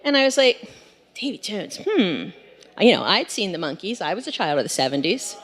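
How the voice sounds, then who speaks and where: A woman in her forties telling a story live on stage, in a chatty, animated way with lots of fillers. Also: mid-range voice, fast talker. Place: stage in a hall. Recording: long hall reverb.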